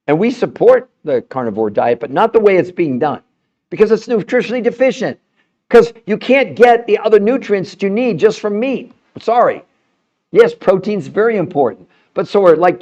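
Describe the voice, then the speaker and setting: A middle-aged man giving an impassioned health talk, blunt and fired up, swearing at times and turning soft and emotional. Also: sits high. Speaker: health presenter. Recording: slightly dull lo-fi sound.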